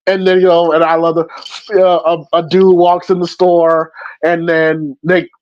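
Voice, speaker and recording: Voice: mid-range voice, flat delivery, a little slow, darkish tone. A podcast host reviewing a film in casual chat, laughing often and acting out lines from the movie. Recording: dull, dry lo-fi sound.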